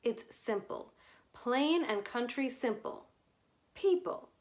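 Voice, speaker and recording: A woman's voice: on the high side, expressive, takes it slowly, pitched above the performer's own voice. Woman doing a cynical male journalist, breezy, sardonic, lecturing, audiobook reading. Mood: amused. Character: glib wisecracking male journalist, cynical debunker.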